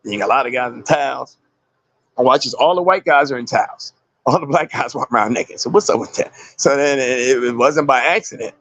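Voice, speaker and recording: Gravelly man telling wild anecdotes. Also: mid-range voice, brisk, no room sound. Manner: animated anecdotes, acting out quoted voices. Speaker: actor guest. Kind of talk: casual interview storytelling.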